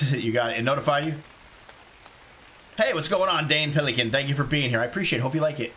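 A man from South Carolina streaming a survival game live, chatting excitedly and greeting viewers by name. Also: on the high side, quick pace, a little hiss or hum. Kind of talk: casual live game commentary.

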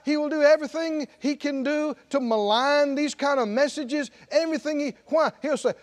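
A man's voice: very high-pitched, lively intonation, fairly quick, hardly any pauses. A middle-aged man preaching a sermon as pastor in a church, emphatic and calling out to the congregation. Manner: emphatic, call-and-response preaching.

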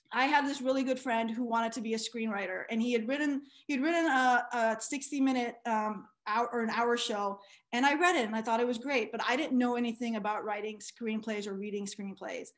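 A young adult woman giving a motivational keynote talk, telling stories with lively quoted dialogue. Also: fairly high pitch. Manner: animated storytelling with quoted dialogue. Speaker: keynote speaker.

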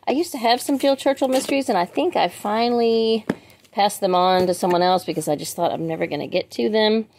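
A little hiss or hum sits under a woman's low, darkish voice as she casually unboxes books for her vlog. She reads titles aloud and makes chatty asides asking viewers to help with pronunciation.

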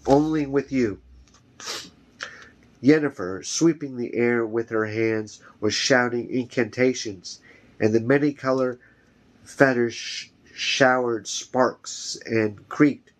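A man reading a fantasy novel aloud, carefully, often restarting a phrase. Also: medium pitch. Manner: slow, careful, with frequent restarts. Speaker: reader.

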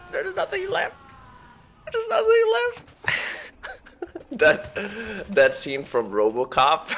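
A man's voice: medium pitch, creaky, fairly bright tone, a little hiss or hum, full character voice. A man doing a celebrity impression while commentating a game, meandering and self-mocking and easily sidetracked. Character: slow, gravelly, rambling celebrity-impression man.

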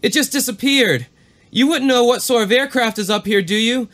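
A man's voice: high voice, normal speed, fairly bright tone, voice pushed up. A man acting out an anxious young male pilot radioing ground control with urgent, rising reports. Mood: alarmed. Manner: urgent, rising, reading from a transcript.

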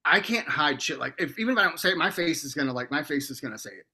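A man who is a podcast guest, speaking in outspoken, profane, animated casual chat. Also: on the high side, fast, slightly rough.

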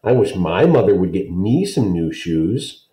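A man's voice: deep voice, sing-song, unhurried, mellow, reverberant, rough recording. A man voicing a kind, poised young girl in a storybook reading, talking in a sophisticated way. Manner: sophisticated, helpful. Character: ten-year-old girl Ellen, poised, kind.

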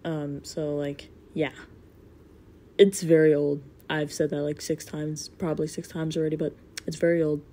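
A woman's voice: sits low, little pitch movement, normal speed, warm tone. A woman vlogging to her viewers in a rambling, self-deprecating, giggly way. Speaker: voice actor and YouTuber. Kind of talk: casual vlog chat.

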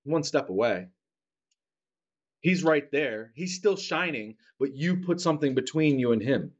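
Man preaching a relaxed sermon, lo-fi. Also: fairly high pitch, unhurried. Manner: conversational, asks the congregation "right?" often; acts out children's grudging apologies. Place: church.

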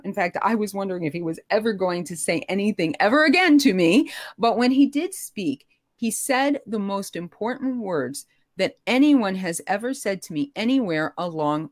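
A middle-aged woman telling her personal story in an animated, expressive way, her voice rising when emotional. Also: mid-range voice, dry recording, clean studio sound. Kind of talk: conversational storytelling.

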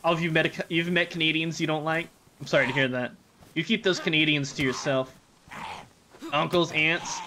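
A man's voice: a little high, fairly even intonation, normal speed, sharp tone, a little hiss or hum. A man from the United States, a game streamer chatting casually with his live chat while he plays, joking and rambling.

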